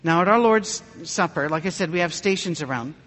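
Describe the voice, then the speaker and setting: A man with a high-pitched voice preaches in an earnest, conversational storytelling way, pausing as the story turns emotional. His voice trails off into the long reverb of a church sanctuary. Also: expressive, a bit bright. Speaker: pastor. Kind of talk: sermon storytelling.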